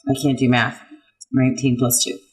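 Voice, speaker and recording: A player in a tabletop game who talks casually and haltingly, full of fillers. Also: mid-range voice, little pitch movement.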